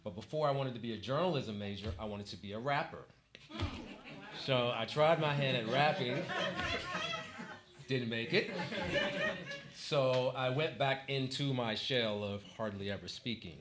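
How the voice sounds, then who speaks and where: A man's voice: medium pitch, measured pace, pauses often. A man from Washington, D.C., a Toastmasters club president, giving a motivational speech in a church hall with humorous stories and a preacher-like close. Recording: echoey hall with faint noise.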